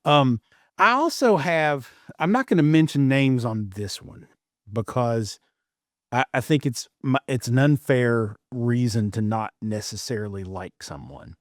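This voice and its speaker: A man co-host talks through his opinions in relaxed, casual chat, often restarting his sentences. His voice sits at a middle pitch, recorded close and dry. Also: dry recording. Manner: measured, opinionated, with frequent restarts.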